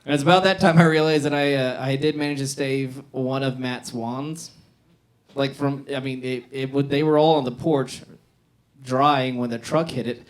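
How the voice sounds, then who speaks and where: A man's voice: medium pitch, steady tone, moderate pace. A man telling a rambling stand-up story, full of fillers, on a bar stage. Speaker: stand-up comedian. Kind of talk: stand-up comedy set. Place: comedy bar stage, live audience.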